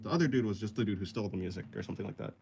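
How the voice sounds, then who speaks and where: Here an art livestreamer talks very fast in a lowish voice as he sketches, reading out chat and rambling self-deprecatingly, often laughing. Background noise can be heard.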